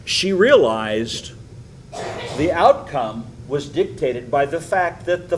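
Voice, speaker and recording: An older man, a pastor, teaching a Bible study with animated, chuckling storytelling in a church. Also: on the high side, slow, husky, low-quality recording.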